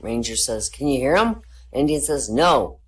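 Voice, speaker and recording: A woman tells jokes in a low, deep register. She keeps a deadpan storytelling manner and lifts her pitch for each punchline. She sounds like a speaker in an online voice chat room. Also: moderate pace. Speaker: joke teller. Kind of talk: telling jokes at an online comedy night.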